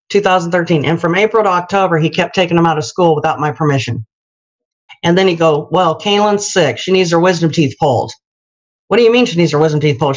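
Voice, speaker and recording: Earnest woman recounting a custody ordeal. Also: lowish voice. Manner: earnest, animated, acts out quoted dialogue. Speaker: guest telling her story. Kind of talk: personal testimony, casual storytelling. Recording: dull lo-fi livestream audio.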